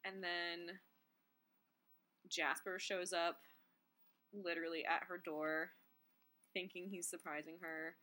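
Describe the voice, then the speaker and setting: Young woman walking through a movie plot, super bright voice, easygoing. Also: lowish voice, slow pace, pauses often. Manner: laughs often, explains plot in a relaxed way. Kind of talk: casual movie recap chat.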